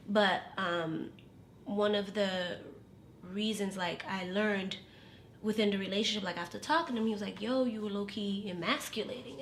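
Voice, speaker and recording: A woman in her late twenties, a podcast guest telling stories in a casual chat, animated and slangy, cussing freely. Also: mid-range voice, a little hiss or hum. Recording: roomy echo.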